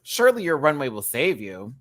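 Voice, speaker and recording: A man hosting a casual reaction show, campy and chatty, swinging from loud exclamations to quiet asides and laughing often. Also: mid-range voice, wildly swooping pitch, brisk. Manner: campy and chatty, repeats words for emphasis.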